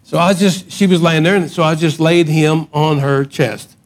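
A middle-aged man preaching a sermon, swinging from loud emphatic outbursts to hushed lines. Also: fairly high pitch, normal speed. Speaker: pastor.

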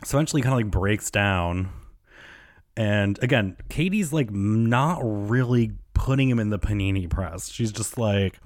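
Gossipy lower-pitched man, dry mic. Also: normal speed, no room sound. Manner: chatty, gossipy, profane, lots of "like", mimics people in quotes. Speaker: podcast host. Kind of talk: casual solo podcast recap.

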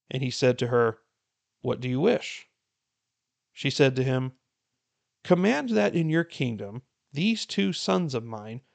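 A man with a gravelly, creaky voice at a middle pitch reads scripture aloud in an earnest, unhurried way. He then slips into relaxed, chatty commentary as he explains the passage to his listeners. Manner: earnest, unhurried reading that turns to warm casual commentary. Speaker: Bible reading plan host.

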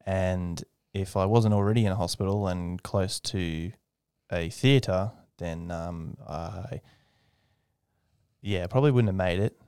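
A young man, a guest in a casual interview, telling his story with animation and jumping into a high voice to mimic people he quotes. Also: slow, a little mellow, clean tone, dry recording, studio quality. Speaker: aerospace engineer guest.

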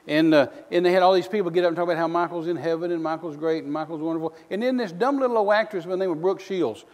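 A male missionary preacher delivering a sermon, telling folksy stories with bursts of loud outrage. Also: sits high, fairly even intonation, racing, big-room sound.

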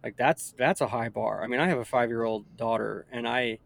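A man's voice: medium pitch, fairly quick, gravelly, a bit bright, no echo. A man in his thirties chatting earnestly in a casual conversation, rambling with frequent restarts.

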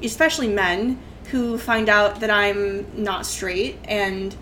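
Frank, bright-voiced female guest. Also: medium pitch, steady tone, slow pace, slight background noise. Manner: frank, laughs often, fillers like "like". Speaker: podcast guest. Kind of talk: casual interview talk.

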